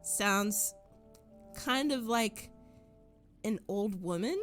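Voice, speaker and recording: Woman game master, slow unhurried narration, descriptive, faint music behind. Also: medium pitch, lively intonation, fairly bright tone.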